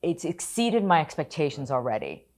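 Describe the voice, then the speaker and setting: A woman's voice: sits low, big pitch swings, moderate pace, a little mellow. A woman in her fifties from Ohio, a veteran journalist, telling her life story candidly in an interview, with emphatic outbursts. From Ohio, United States. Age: 50s.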